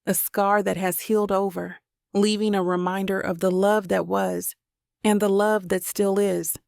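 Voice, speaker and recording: Gravelly, even-toned woman narrating. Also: medium pitch, measured pace, dry recording, clean studio sound. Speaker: audiobook narrator. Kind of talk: first-person romance audiobook narration.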